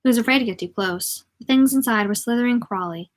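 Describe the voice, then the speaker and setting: A woman's voice: on the high side, quick pace. A woman reading a novel aloud in a casual way, often stumbling, correcting herself and adding joking asides.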